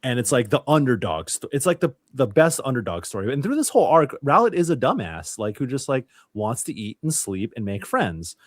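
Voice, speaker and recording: A man's voice: medium pitch, big pitch swings, a little fast, few pauses, no room sound, clean studio sound. A man, a podcast guest, chatting casually and telling a rambling story with plenty of swearing. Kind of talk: casual chat.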